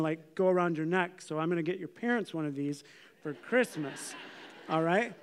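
A male pastor with a high voice gives a sermon in a church. He speaks in a casual, conversational way and often stops to ask his listeners questions. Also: moderate pace, clean tone. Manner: conversational, uses props and questions the congregation.

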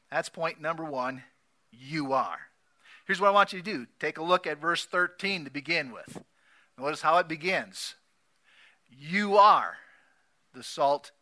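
Emphatic bright-voiced male preacher. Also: fairly high pitch. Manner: emphatic, repeats key phrases, swings between loud and soft. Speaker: pastor. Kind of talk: sermon.

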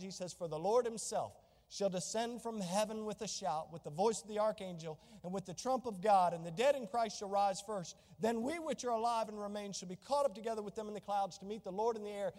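A man's voice: high-pitched, darkish tone, long reverb tail. A male pastor preaching a sermon to a congregation, reading scripture aloud and putting questions to the people in the pews. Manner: preaching, reads scripture in old wording, asks the congregation questions. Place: church.

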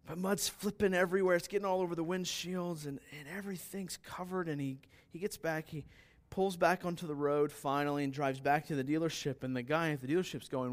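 A man with a fairly high voice preaching a sermon. He talks conversationally, with restarts and asides, and jumps higher in pitch when he acts out characters in his stories. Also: steady tone, a little fast. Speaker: pastor.

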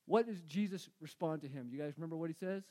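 A male pastor preaching a sermon, acting out Bible figures and swinging from loud to hushed. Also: a little high, fast.

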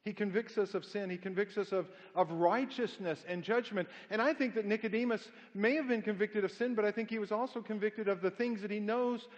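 A middle-aged male pastor preaches emphatically, mixing rhetorical questions with folksy, humorous stories. His voice sits high for a man, and a long hall reverb trails each phrase. The sound is dull and lo-fi. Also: steady tone, brisk, hardly any pauses. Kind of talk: sermon.

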